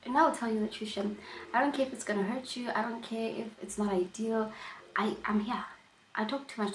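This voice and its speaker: Animated woman, echoey room. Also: a little high, slight background noise. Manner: animated, emphatic, repeats herself. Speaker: vlogger. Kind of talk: storytime chat.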